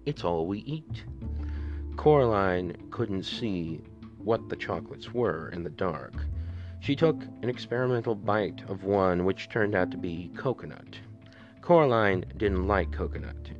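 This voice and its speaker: A man reading a storybook aloud as a podcast narrator, in a measured, steady way. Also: low voice. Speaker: podcast reader. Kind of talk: audiobook narration. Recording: dull lo-fi with faint music.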